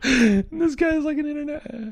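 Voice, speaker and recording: A man's voice: very high voice, a little fast, no echo. A young man co-hosting a podcast, chatting casually, laughing often and chiming in. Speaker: podcast co-host. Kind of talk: casual chat.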